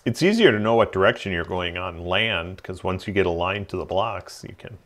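A man's voice: low-pitched, animated, brisk, a bit bright. A man chatting casually during a game stream, laughing often and muttering asides. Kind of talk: casual gaming chat.

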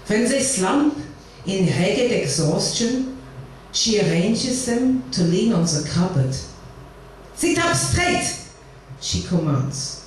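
A wry elderly grandmother speaks, put on by a woman reading her poems. Her delivery is dry and matter-of-fact. She sounds distant in a very echoey room, with faint noise behind her. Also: mid-range voice. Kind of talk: poetry reading. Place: live performance venue.

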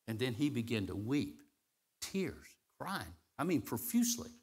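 A man preaching a sermon as interim pastor in a church, moving from loud, rising declamation to soft, hushed storytelling, slowing to stretch key phrases. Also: mid-range voice, very animated, slightly rough. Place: church sanctuary.

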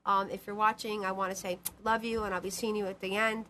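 A woman's voice: mid-range voice, little pitch movement, brisk, bright, forceful tone, slight background noise. A woman hosting a live call-in show as a psychic medium, talking in a rambling, emphatic way and repeating herself. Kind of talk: casual live call-in chat.

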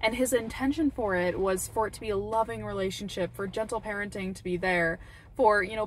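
A woman's voice: mid-range voice, a little hiss or hum. A woman vlogging in an earnest, heartfelt way, encouraging her viewers and repeating words for emphasis. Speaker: vlogger, parent. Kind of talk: earnest personal talk to camera. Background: faint rain.

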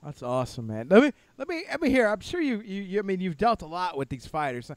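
A man hosting a podcast, talking in an excitable, enthusiastic way and casually tossing in "man" and "dude". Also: high voice, fast talker, no echo. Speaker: podcast host.

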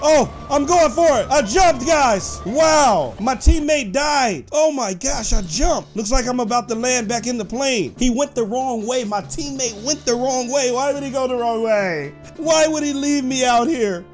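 A man hosting excited gameplay commentary, talking to his viewers and shouting when the action peaks. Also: extremely high pitch, unhurried, hardly any pauses, soft background music. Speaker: gaming host.

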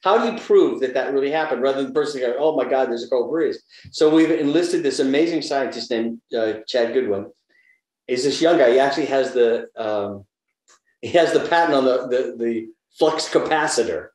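A man's voice: mid-range voice, normal speed, darkish tone. A man in his seventies from the United States, an actor being interviewed, thoughtfully telling stories and giving advice. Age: 70s. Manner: thoughtful, storytelling, gives advice. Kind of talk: reflective conversational interview. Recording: roomy echo.

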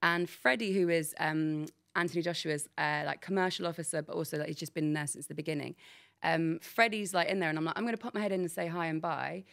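A woman, telling animated stories in a casual podcast chat. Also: fast, gravelly. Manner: animated, laughing, quotes people with big pitch jumps. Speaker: guest, sports presenter.

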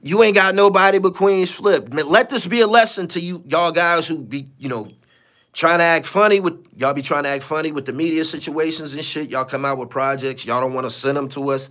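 Brisk and a bit bright, a slightly high male voice delivers casual live-stream commentary. The man hosts a podcast and talks bluntly with profanity, repeating himself for emphasis.

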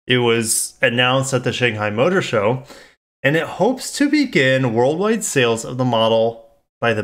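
A man's voice: medium pitch, a bit bright. A man hosting a car channel, reading a press release aloud and breaking off into rambling, casual asides and self-corrections.

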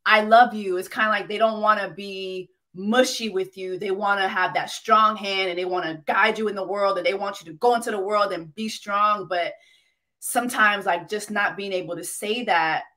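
A woman hosting a relaxed interview, animated and teasing, often repeating herself for emphasis. Her voice has a middle pitch with a bright, forceful edge. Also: normal speed. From Haitian immigrant family. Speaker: host. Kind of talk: casual interview chat.

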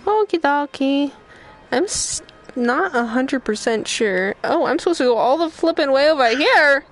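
A woman's voice: high voice, animated, moderate pace, faint music behind. Giggly woman streamer. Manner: giggly, playful. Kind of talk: casual gameplay chat.

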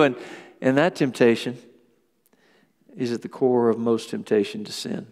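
A man preaching a sermon as pastor, lively and acting out quoted voices. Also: mid-range voice, a little slow, pauses often, long reverb tail. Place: church sanctuary.

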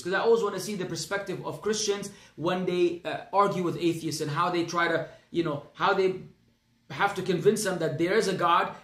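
Earnest high-voiced man with an Arabic accent. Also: fairly bright tone, reverberant. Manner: earnest, emphatic, repeats phrases, mixes in Arabic. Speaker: Islamic teacher. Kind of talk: religious class lecture.

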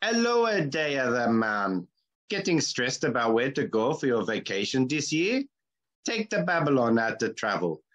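A man voicing an upbeat male Jamaican resort ad announcer in a comic mock ad, in a put-on Jamaican accent with drawn-out, sing-song patter. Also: medium pitch, sing-song, a bit bright, pitched above the performer's own voice. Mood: salesy.

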